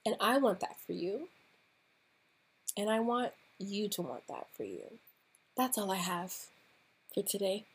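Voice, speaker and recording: A woman speaks into a podcast mic in a mid-range voice. She talks straight to her listeners in a relaxed, encouraging way, and her speech is loose and full of "um"s and "like"s. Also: mid-range voice, measured pace, pauses often, slightly rough. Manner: relaxed, with fillers like "um" and "like". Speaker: podcast host and coach. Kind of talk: casual podcast monologue.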